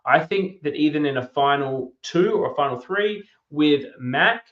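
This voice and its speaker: A man hosting a casual podcast chat, enthusiastic and quick to restart his sentences. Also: on the high side, lively intonation, muffled recording. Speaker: podcast host.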